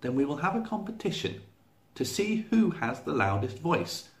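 A man's voice: on the high side, big pitch swings, moderate pace, pitched above the performer's own voice. A man voicing a tiny but bold female egret who scolds and challenges, in a storybook reading. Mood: challenging. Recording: echoey room.

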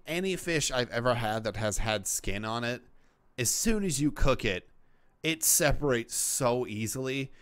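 With no room sound at all, a medium-pitched man speaks into a podcast microphone as the host of his own solo show. His talk is casual and rambling, packed with swearing and filler words.

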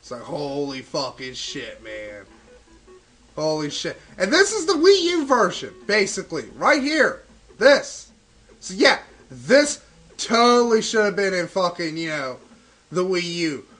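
A man's voice: high voice, sing-song, unhurried, fairly bright tone, poor audio. A young man giving rambling, profane commentary while playing an old video game, ranting and stoned. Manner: swears constantly, rambling and ranting. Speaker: gaming video host. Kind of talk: profane let's-play commentary.

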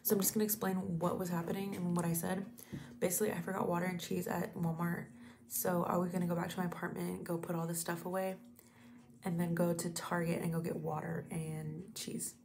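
A woman's voice: on the low side, flat delivery, fast talker, vocal fry, darkish tone, slight background noise. A young woman vlogging casually to the camera, chatty and slangy, talking into a phone held at arm's length. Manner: chatty, slangy, says "bro" and "like". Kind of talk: casual vlog talk to camera. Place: out and about, stores and apartment.

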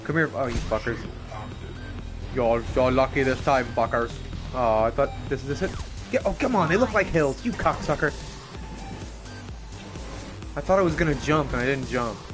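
A young man giving casual, profane live commentary on a racing game, excitable and often laughing. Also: medium pitch, normal speed, pauses often, music in the background. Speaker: streamer.

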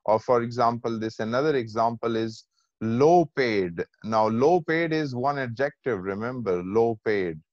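A man giving an online grammar lecture, slowly going over examples and checking often that students follow. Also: medium pitch, darkish tone, no room sound. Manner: slow, repetitive, checks understanding often. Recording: dull, lo-fi online call.

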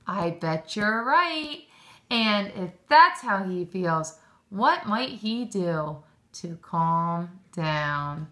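Slow, bright-voiced woman teaching children. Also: lowish voice, animated. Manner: encouraging, praises often, questions drawn out. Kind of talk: lesson for young children.

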